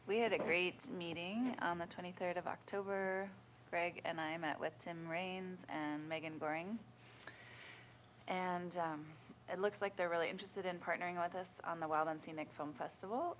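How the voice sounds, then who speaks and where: A woman's voice: fairly low pitch, a little hiss or hum. A woman on a city commission giving an upbeat, rambling report at a public meeting.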